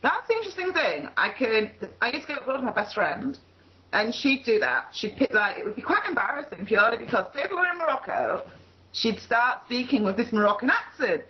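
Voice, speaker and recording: A woman's voice: fairly high pitch, very animated, fairly quick, highs cut off. A woman with a Yorkshire accent talking casually on a video call, rambling and chatty with easy laughter. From Leeds area, England. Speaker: call participant. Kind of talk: casual conversation.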